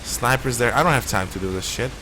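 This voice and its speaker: A man's voice: medium pitch, quick pace, background noise. A man streaming a shooter game live, rambling and opinionated as he plays. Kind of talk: casual live gameplay commentary.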